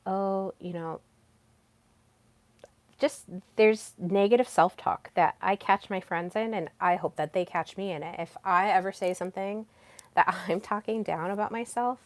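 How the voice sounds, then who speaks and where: A woman's voice: medium pitch, normal speed, no echo. A young woman hosting a solo self-help podcast, talking in an earnest coaching tone with plenty of fillers. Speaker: podcast host.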